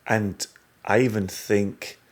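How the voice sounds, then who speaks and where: A man's voice: fairly low pitch, steady tone, slow pace. A man co-hosting a casual podcast, teasing his partner and reacting cheerfully. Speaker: podcast co-host.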